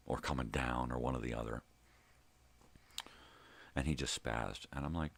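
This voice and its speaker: A man's voice: extremely low pitch, a little fast, vocal fry, husky. An older man hosting his own vlog, telling a heated, profanity-filled story in a casual ranting monologue. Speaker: vlog host. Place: home.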